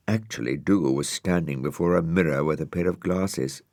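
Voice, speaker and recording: A man narrating a children's storybook in a gentle, wry manner. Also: very deep voice, fairly quick, no room sound, studio quality.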